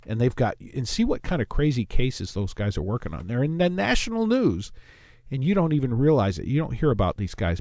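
A male talk radio host from Southern California talks in a loose, rambling monologue, jumping between jokes and asides. His voice sits slightly high for a man. The studio sound is close and dry. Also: a little mellow, no room sound. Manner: rambling, self-interrupting, jokey.

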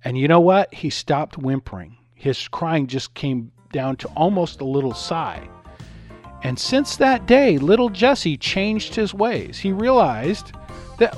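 With faint music behind him, a middle-aged man speaks slowly in a slightly high voice. As a talk radio host, he tells stories in a monologue, animatedly acting out the voices involved.

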